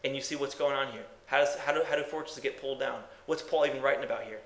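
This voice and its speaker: A man's voice: mid-range voice, fast talker, a bit bright, reverberant. A man preaching a sermon in a folksy, emphatic way. He asks the congregation questions and then answers them himself. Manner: folksy, says "ain't", builds to emphatic bursts.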